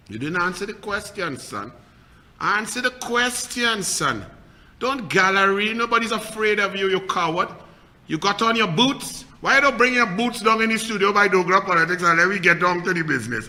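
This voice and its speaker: Play a Trinidadian male talk host going off in a rant, shouting and taunting, with a very high, sharp voice. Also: normal speed. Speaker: political talk show host. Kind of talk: heated political commentary.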